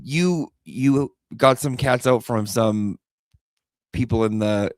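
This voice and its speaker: A man's voice: mid-range voice, takes it slowly, no room sound. A man hosting a casual livestream chat, talking loosely with lots of fillers and restarts. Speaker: livestream host.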